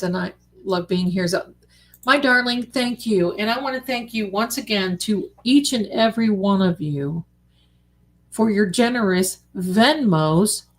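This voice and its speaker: A chatty woman with a drawl talks through a casual late-night livestream, warmly addressing her viewers as darlings. Her voice sits in an ordinary middle pitch and she talks at an easy, rambling pace over a home streaming mic. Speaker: livestream host.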